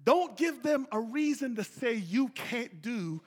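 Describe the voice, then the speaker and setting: A man's voice: very high voice, lively intonation, slow pace, husky, long reverb tail. A man preaching a sermon as pastor, with impassioned call-and-response and folksy turns of phrase. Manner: folksy, drawls "y'all" and "ain't". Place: church sanctuary.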